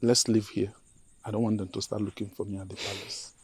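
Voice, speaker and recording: A man's voice: fairly low pitch, little pitch movement, a little fast, background noise, natural voice. An actor with a Nigerian accent playing a worried, guarded king who speaks in curt commands. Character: worried middle-aged male king, guarded.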